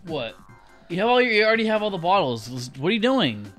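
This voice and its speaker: Sarcastic guy on a gaming podcast, bright punchy voice, bouncy pitch. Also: very animated, fast talker, faint music behind. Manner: dry sarcastic teasing. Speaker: podcast co-host. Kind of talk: casual let's-play chat.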